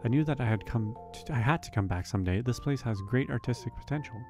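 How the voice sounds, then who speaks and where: A man voicing a young woman artist from a farming game, speaking softly and earnestly. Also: medium pitch, quick pace, music in the background, close to an everyday voice. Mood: wistful.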